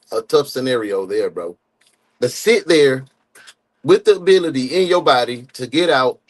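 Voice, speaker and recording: Slangy aave dude reacting to a crime clip, loud and lively, voice jumps around a lot. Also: male voice, medium pitch. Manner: animated, slangy, talks back at the clip. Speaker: true crime reaction host. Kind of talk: casual reaction commentary.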